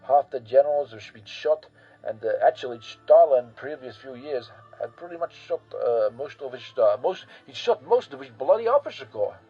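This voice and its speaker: A man's voice: mid-range voice, lively intonation, normal speed, breathy edge, dull audio, faint music behind. A man telling history in a casual, profane, rambling way full of fillers and restarts. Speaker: history podcast host.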